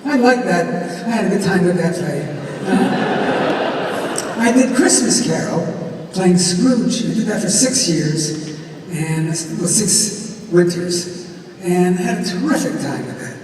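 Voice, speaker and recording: A man's voice: high-pitched, slow, slight background noise. Older man telling stories in a hall. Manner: animated, emphatic storyteller. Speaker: convention panel guest. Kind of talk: convention panel anecdotes. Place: large convention hall. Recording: echoey hall, distant mic.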